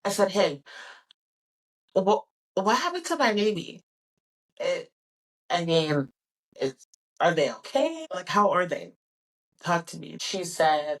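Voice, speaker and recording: A young woman in her twenties hosting a podcast, telling a personal story in a candid, animated way and acting out the dialogue. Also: on the low side, takes it slowly, pauses often, recorded from a distance, low-quality recording. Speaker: podcast host.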